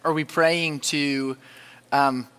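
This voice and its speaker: Higher-voiced man making practical points. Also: slow, clear, resonant tone, long reverb tail. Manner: animated and practical, with a habit of ending points on a questioning "right?". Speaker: discussion participant. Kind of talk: casual Bible study conversation.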